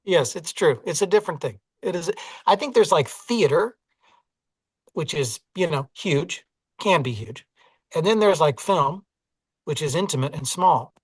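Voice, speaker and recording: Speaking a little slowly, a Southern US man who narrates audiobooks muses casually in an interview, poking fun at himself and hedging with frequent "like" and "you know." His fairly high voice is animated with a breathy edge, and there is no room sound.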